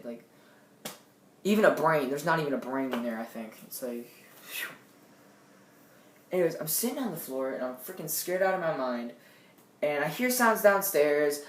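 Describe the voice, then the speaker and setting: A young woman vlogging on a tablet at home, telling a scary story in an animated way, with loud outbursts and quiet asides. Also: sits low, reverberant. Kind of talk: casual storytelling vlog. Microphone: tablet built-in mic.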